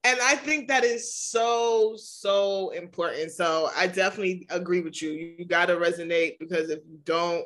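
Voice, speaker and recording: A woman with a New York accent hosts a podcast in a loose, slangy style. She is animated and laughs easily. Her voice has a bright, forward edge. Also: on the low side, moderate pace, hardly any pauses. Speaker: podcast host. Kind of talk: casual podcast interview.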